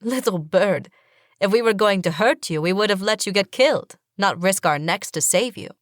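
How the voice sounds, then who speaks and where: A woman's voice: medium pitch, animated, normal speed, no echo, studio quality, lightly acted. A woman doing a burly, jovial giant warrior. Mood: amused.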